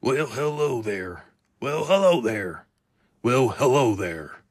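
Pete, a man doing a gruff cartoon cat. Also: mid-range voice, animated, slow, no echo, clean studio sound. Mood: greeting. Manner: amateur impression, unsteady.

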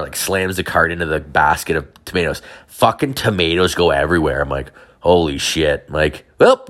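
A man's voice: low-pitched, fairly bright tone. A young man telling crude stories in a rambling, casual way, full of filler words and swearing. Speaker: storyteller. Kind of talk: casual storytelling.

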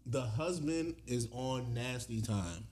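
A man's voice: mid-range voice, slow, slight background noise. A man co-hosting a casual chat, telling a long story with speech and acting out the people in it. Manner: animated, acts out voices of people in the story. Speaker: podcast co-host telling a story.

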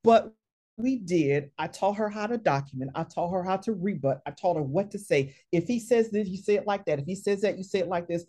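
A woman career coach talking in an interview, telling stories in a lively, emphatic way and often adding tag questions. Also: lowish voice, a little fast. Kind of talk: conversational interview, storytelling.

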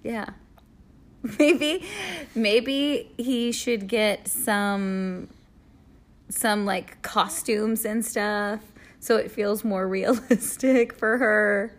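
A woman's voice: mid-range voice, fairly even intonation, drawn-out words. A woman co-hosting a casual advice chat, agreeable and giggly, thinking aloud as she goes. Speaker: podcast co-host.

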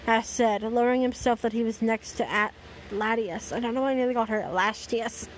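A woman's voice: fairly high pitch, fairly even intonation, a little fast, a little hiss or hum, poor audio. A woman reading a story aloud as host, breaking off for dry, sarcastic commentary.

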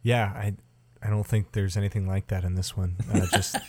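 A man talks through a movie with a friend in an easy, opinionated way, tossing off dry jokes. His voice sits a little low, and the sound is close and dry with no room echo. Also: brisk. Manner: relaxed, opinionated, dry joking. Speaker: podcast co-host. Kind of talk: casual movie watch-along chat.

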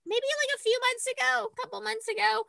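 Young woman, casual chat, animated storyteller, bright tone, high voice. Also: quick pace, vocal fry, no echo, clean studio sound. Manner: animated storytelling, acts out voices, laughs a lot, swears.

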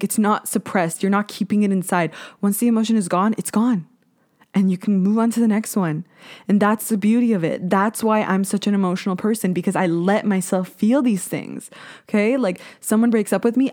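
A young woman talks straight to her listeners in a solo podcast, loose and candid, packing her talk with "like" and "um". She swears freely and jumps into sudden loud bursts of emphasis, then drops back to chatting. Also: medium pitch, steady tone, normal speed. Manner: talks to listeners directly, with many "like" and "um" fillers. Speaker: podcast host.

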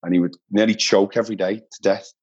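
Earnest man with husky low voice. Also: fairly even intonation, fast, a little mellow. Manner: earnest, heartfelt, says "mate" often. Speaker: podcast guest. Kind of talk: emotional personal storytelling. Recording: dull lo-fi sound.

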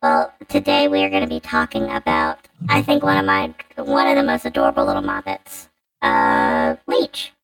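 A man's voice: sits low, wildly swooping pitch, moderate pace, gravelly, low-quality recording. A man hosting a podcast through a robotic voice changer, chatty and hesitant with many fillers. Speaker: podcast host. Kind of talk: casual podcast chat. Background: music.

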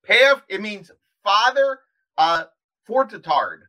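Guy cohost with a really high lively voice, cracking quick jokes back and forth. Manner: jokey, reactive banter, quick quips. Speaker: podcast co-host. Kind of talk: casual podcast chat.

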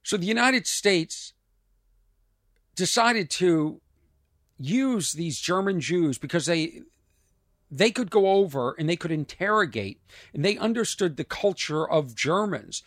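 A man hosting a comedy podcast, talking over a news clip in a halting, reflective way with many restarts. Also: high-pitched, expressive, fairly bright tone, dry recording, studio quality. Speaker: podcast host. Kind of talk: casual commentary on a news clip.

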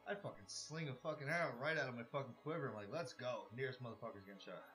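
Bright, foul-mouthed joking man. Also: medium pitch, fast, soft background music. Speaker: player. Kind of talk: casual chat at a tabletop game.

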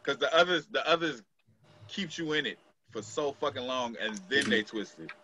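A man's voice: mid-range voice, lively intonation, moderate pace, sharp tone. A man co-hosting a podcast, talking loosely and emphatically, swearing freely among friends. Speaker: podcast co-host. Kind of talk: casual chat.

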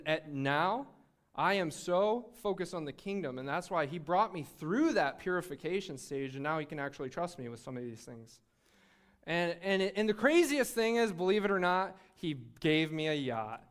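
A young man preaching a sermon in a lively, conversational way, often restarting his sentences. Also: fairly high pitch.

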